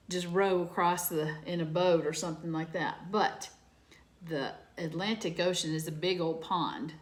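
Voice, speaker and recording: Woman teacher for small kids, gentle, sing-song, asks questions. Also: fairly low pitch. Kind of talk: teaching young children.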